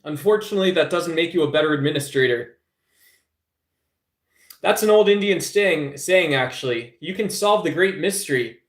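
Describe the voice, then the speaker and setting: A man with a somewhat high voice rambles to his live chat, preachy and loose, calling his listeners brother. He is recorded at home in a noticeably echoey room. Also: lively intonation, normal speed. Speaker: live stream host. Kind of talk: casual political rant to chat.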